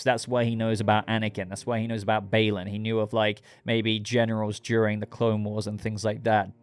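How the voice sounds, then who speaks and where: A man's voice: fairly low pitch, clean tone, dry recording. Rambling chatty male show reviewer. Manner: rambling, chatty, addresses viewers directly. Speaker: host of a TV review channel. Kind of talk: casual spoken episode review.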